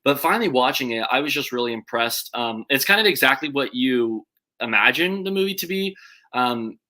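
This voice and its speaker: Bright-voiced man chatting about movies. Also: mid-range voice, moderate pace. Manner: chatty, hesitant with frequent ums and restarts; excitable, words run together when excited. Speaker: movie channel host. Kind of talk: casual live-stream commentary.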